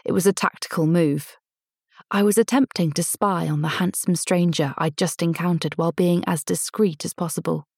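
A woman narrating a first-person novel in a measured, intimate storytelling manner, lightly voicing the dialogue. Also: lowish voice, steady tone, slightly rough, no echo, studio quality. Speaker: audiobook narrator.

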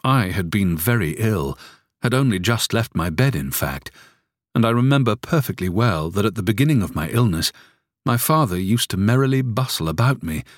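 A man narrating an audiobook story in an expressive storytelling reading. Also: fairly low pitch, moderate pace, no echo, studio quality.

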